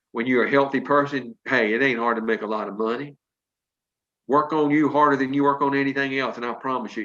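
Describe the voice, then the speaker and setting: A man's voice: mid-range voice, a bit bright, muffled recording. A man in his sixties giving an emphatic, preachy motivational pep talk to a sales team over a video call, with folksy storytelling.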